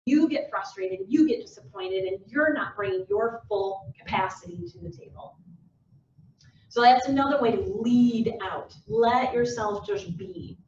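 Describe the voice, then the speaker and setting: A woman presenting a business workshop to a live audience, animated and playful, acting out little scenes. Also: on the high side, far from the mic. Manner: animated, acts out little scenes in different voices. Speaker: workshop presenter and success coach. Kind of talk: lively business workshop talk. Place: meeting room with a live audience. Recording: echoey room recorded from afar, dull and a bit noisy.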